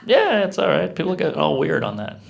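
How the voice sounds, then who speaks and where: Man, stand-up comic, live club set, deadpan one-liners, lively gravelly delivery. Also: fairly high pitch, noisy background. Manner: deadpan one-liners with quick asides to the crowd. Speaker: stand-up comedian.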